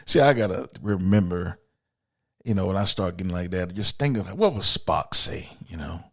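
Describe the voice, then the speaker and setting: Blunt, profane man ranting with lively pitch. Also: moderate pace. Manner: blunt, profane and emphatic, addressing women directly; voice swings from loud outbursts to low asides. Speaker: podcast host. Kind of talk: opinionated monologue.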